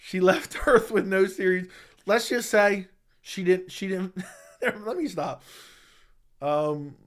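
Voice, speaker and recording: A young man hosting a casual livestream, answering chat with crude, mocking trash talk and frequent laughter. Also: high-pitched. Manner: laughs often. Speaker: livestream host.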